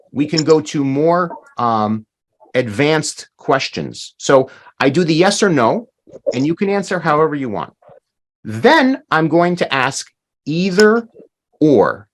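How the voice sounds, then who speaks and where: Lively, emphatic language teacher man. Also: a little high. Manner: slow, emphatic modeling of words, repeats phrases. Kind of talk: online language class.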